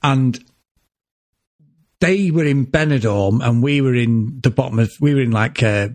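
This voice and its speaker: A man's voice: mid-range voice, a little slow, a little mellow. A man co-hosting a podcast, telling a family story in casual chat, laughing often and swearing freely. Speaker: podcast co-host.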